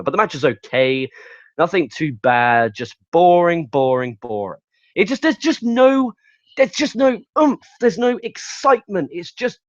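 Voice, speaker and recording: A man delivering a casual solo review, profane and blunt, sounding fed up as he talks. His voice sits at an ordinary middle pitch. The recording is dry and slightly dull, like a lo-fi home setup. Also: dry recording. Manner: profane, ranting, blunt and exasperated. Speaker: wrestling show reviewer.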